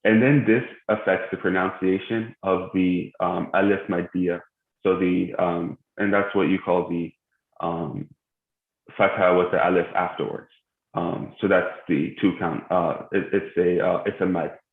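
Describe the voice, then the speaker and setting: A man's voice: low-pitched, fairly even intonation, unhurried. A young man teaching a live religious recitation lesson in a mosque, hesitant and full of filler sounds as he explains. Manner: hesitant, many filler sounds, self-correcting. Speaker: tajweed teacher. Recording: echoey, tinny phone-like stream.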